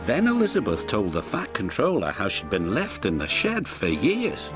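A man reading a children's story aloud with a very lively, sing-song delivery that leaps up and down. A music bed plays under his narration. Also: fairly high pitch.

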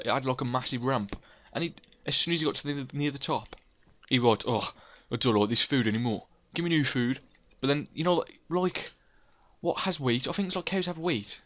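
A young man talks through his building in a loose, chatty way. He rambles, corrects himself and pokes fun at himself in a voice of ordinary pitch. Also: fairly bright tone. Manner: rambling, self-mocking, chatty, laughs at own jokes. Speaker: let's play host. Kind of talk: casual gameplay commentary.

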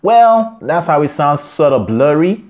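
A man's voice: a little high, sing-song, measured pace, darkish tone. A man teaching a singing lesson, explaining in short phrases and singing examples. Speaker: singing coach. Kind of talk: vocal lesson with sung examples.

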